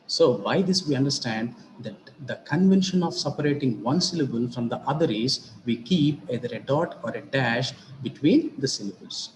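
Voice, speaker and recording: A man giving a grammar lesson as a teacher, explaining each point deliberately, repeating himself and spelling out examples. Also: medium pitch, a little hiss or hum. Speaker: English teacher. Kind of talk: slow explanatory grammar lecture. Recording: roomy echo with faint ambience.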